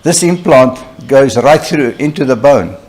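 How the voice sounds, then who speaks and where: A man's voice: medium pitch, a little slow. An older man, a surgeon giving a conference lecture, talking conversationally and telling anecdotes with frequent asides to the audience. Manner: conversational, animated storyteller with frequent "you know" asides.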